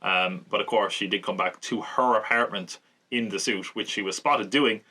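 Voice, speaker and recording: A man hosting a podcast, casually recapping and reviewing a TV episode, chatty, laughing often and slipping into quick mock voices. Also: lowish voice, pushed and bright, breathy edge. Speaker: podcast host.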